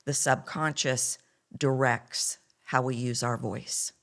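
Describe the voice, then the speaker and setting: A woman's voice: extremely low pitch, takes it slowly, gravelly. A middle-aged woman with a Texan accent, a voice coach telling her story animatedly in an interview. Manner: animated storyteller, acts out quoted lines.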